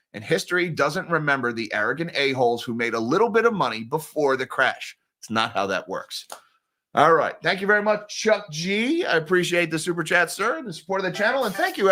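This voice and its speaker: A man's voice: a little high, pushed and bright. A man hosting a casual livestream, talking bluntly and sarcastically with a sore throat, reading and answering viewer comments. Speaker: host.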